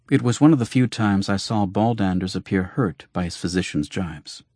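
A man giving a measured, formal scripted narration of an audiobook. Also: low-pitched, darkish tone, no room sound, clean studio sound.

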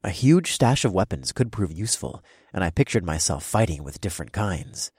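A man narrating a first-person fantasy audiobook in an expressive, wry storytelling manner. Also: deep voice, a little fast, slightly rough, no room sound, clean studio sound.

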